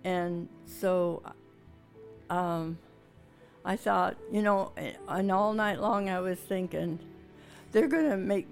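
A woman's voice: lowish voice, steady tone, slow pace, faint music behind. An older woman recounting a personal story in an interview, rambling and acting out what each person said. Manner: rambling, acts out quoted dialogue. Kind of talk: oral history storytelling.

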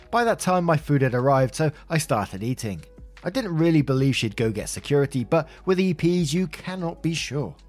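A man narrating a first-person story in a sardonic, animated way. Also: medium pitch, no echo.

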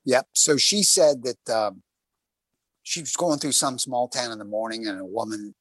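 A radio talk show host with a medium-pitched, husky voice tells stories on air from his cycling trip, speaking at a normal speed with no echo. He's casual and animated, rambling along and acting out the quotes.

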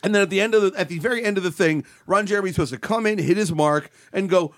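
A man's voice: high voice, fast talker, hardly any pauses, no echo, clean studio sound. A man casually telling rambling, crude, self-deprecating stories as a guest. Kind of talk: casual storytelling.

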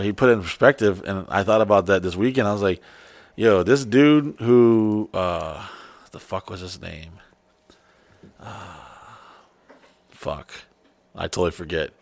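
A man's voice: deep voice, unhurried, pauses often, dry recording. A man co-hosting a casual podcast chat, telling stories with lots of swearing and putting on voices for the people in them. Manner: profane, animated storytelling with put-on voices. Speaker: podcast co-host.

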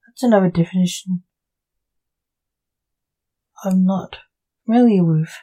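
A woman's voice: on the low side, a little slow, warm tone, low-quality recording. A woman voicing a sarcastic, teasing young male necromancer bantering with his father. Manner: sarcastic, joking.

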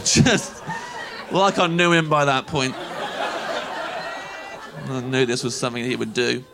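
A man in his thirties telling an animated stand-up story, acting out voices as he goes. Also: medium pitch, measured pace, creaky, crowd noise, background noise. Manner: animated, acts out voices, laughs through lines. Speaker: stand-up comedian.

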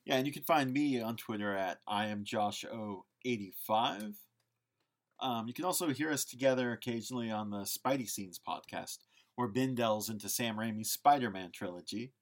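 Regular guy hosting a podcast, mid pitch, laid back, pokes fun at himself. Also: moderate pace. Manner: relaxed, self-deprecating. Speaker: podcast host. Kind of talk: casual chat.

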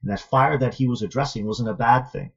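A man guest telling a personal story in an earnest, thoughtful, measured way. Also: mid-range voice, gravelly, slightly rough. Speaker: interview guest, martial arts student. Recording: dull lo-fi audio.

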